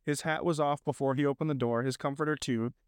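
A man's voice: mid-range voice, steady tone, quick pace, clean tone, no room sound, clean studio sound. Man reading a classic story aloud. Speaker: audiobook reader.

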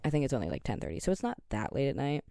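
A man's voice: medium pitch, very fast, creaky, dry recording, clean studio sound. Rambling, tired young Canadian man. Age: 20s. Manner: rambling and self-interrupting, with many likes and ums; gets excited about favorite superheroes. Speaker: podcast host. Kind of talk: casual solo podcast chat.

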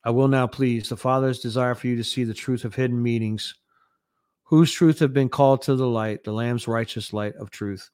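A man reading the lines of a calm, solemn angel who instructs a faithful believer. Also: medium pitch, normal speed, smooth, no room sound, clean studio sound, natural voice.

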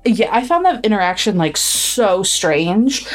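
A woman co-hosting a book podcast, recapping a thriller in a casual, animated way and acting out the characters' lines. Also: medium pitch, unhurried, soft background music. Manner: animated retelling with acted-out quotes. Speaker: podcast co-host.

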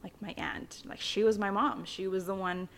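Young woman, from the Philippines, casual storytelling, candid, lots of fillers, mid-pitched voice. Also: steady tone, normal speed, creaky. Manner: candid, chatty, swears casually, frequent "like" fillers. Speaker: vlogger.

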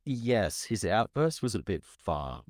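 A man's voice: on the low side, sing-song, takes it slowly, dry recording, clean studio sound. A man co-hosting a casual podcast, reacting bluntly and swearing freely. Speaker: podcast co-host. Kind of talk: casual chat.

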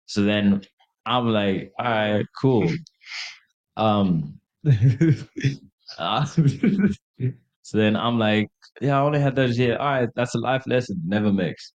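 A man's voice: fairly low pitch, takes it slowly, pauses often, lo-fi sound. A young man co-hosting a podcast, casually telling a party story, acting out quotes in a raised voice and laughing often. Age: young adult. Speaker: podcast co-host.

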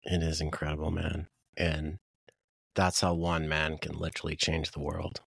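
A male podcast host with an extremely deep, gravelly voice and a husky edge. He speaks in a flat, even tone, offering short affirming replies. The sound is dry and close. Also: normal speed, no room sound. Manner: brief affirming responses. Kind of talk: conversational interview.

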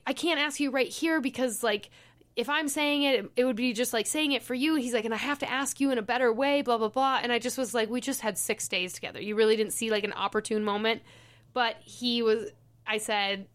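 A woman's voice: fairly high pitch, a bit bright, clear, resonant tone. A young woman hosting a podcast, telling a personal story in a chatty way with lots of "like" and acted-out quotes. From Minnesota. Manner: chatty, many "like" fillers, acts out quoted lines. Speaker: podcast host. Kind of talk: casual storytelling chat.

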